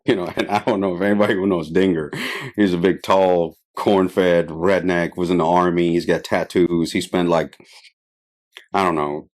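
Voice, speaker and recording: A man's voice: deep voice, fairly even intonation, normal speed. A middle-aged man from the Middle East, a podcast guest, telling a story in a chatty way, laughing often and trailing off into fillers. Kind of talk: casual storytelling.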